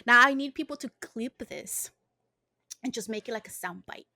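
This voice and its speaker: A woman's voice: fairly high pitch, moderate pace, dry recording. A young woman co-hosting a casual podcast chat, giggling often and full of "like" fillers. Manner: giggly, animated, many "like" fillers. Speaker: podcast co-host.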